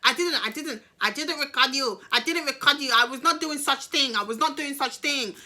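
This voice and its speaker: A young woman with a London accent quoting a defensive stranger who repeats flat denials. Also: high-pitched, moderate pace. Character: woman denying everything, defensive.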